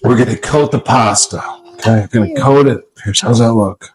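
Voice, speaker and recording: A man, a dad, hosting a casual family cooking show in a home kitchen with playful hype-man patter and shout-outs. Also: mid-range voice, normal speed, rough recording.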